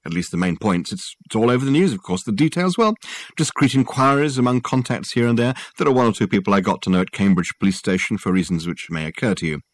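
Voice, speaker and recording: A male audiobook narrator voicing an eccentric detective who speaks in a dry, sardonic, deadpan way. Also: on the low side, fast, no echo, lightly acted.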